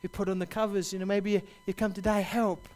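A man preaching a sermon, building to loud, impassioned repeated cries. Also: high-pitched, little pitch movement, fast.

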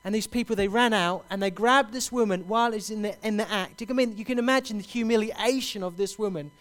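A man preaching a sermon, building to loud, impassioned repeated cries. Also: high-pitched, quick pace.

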